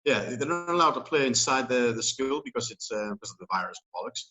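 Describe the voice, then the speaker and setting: A man's voice: medium pitch, lively intonation, fast, sharp tone, highs cut off. A man speaking as an interview guest. He talks in casual chat, rambling and emphatic, with many fillers and restarts.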